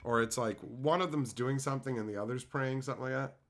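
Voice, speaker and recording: A Canadian man, tired after dental work, hosts a casual livestream where he rambles, jokes and reads out viewer chat. He talks fast in a medium-pitched, fairly bright voice.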